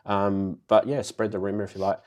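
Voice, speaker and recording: A man hosting a live synth show in casual chat, his voice nasal and muffled from a cold, chatty and quick to laugh as he greets viewers by name. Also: lowish voice, flat delivery, darkish tone.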